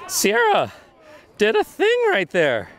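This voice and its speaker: A man giving excited, joking play-by-play of a softball game from an outdoor field, filmed by a camera on a tripod. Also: high-pitched, slow pace, gravelly. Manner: excitable, joking, yelps and exclamations. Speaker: vlogger and softball player.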